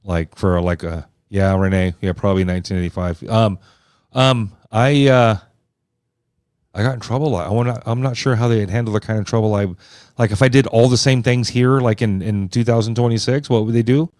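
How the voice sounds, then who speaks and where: A man's voice: on the low side, fairly even intonation, a little fast, a little mellow, dry recording. Rambling middle-aged male podcaster, dry. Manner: rambling, loose, many fillers and restarts. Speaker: podcast host. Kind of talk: casual podcast chat.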